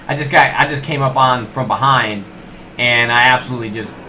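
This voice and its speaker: A young man giving live gameplay commentary, animated and self-mocking, talking straight to his viewers. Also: mid-range voice, fairly quick, a little hiss or hum. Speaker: gaming YouTuber.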